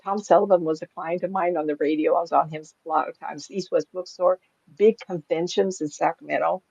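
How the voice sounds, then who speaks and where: A woman's voice: on the low side, fairly even intonation, a little fast, creaky, darkish tone, slightly rough, dry recording, dull audio. An older woman, a psychic medium, telling stories from her life in a chatty way, often laughing and acting out the voices of people she quotes, recorded at home. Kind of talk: casual storytelling.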